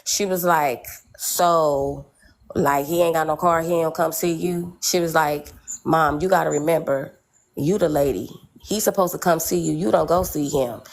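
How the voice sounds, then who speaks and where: A woman's voice: low-pitched, normal speed, creaky. A middle-aged woman on a podcast panel, speaking candidly in casual, slangy chat. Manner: candid, storytelling, slangy, repeats "you know what I'm saying".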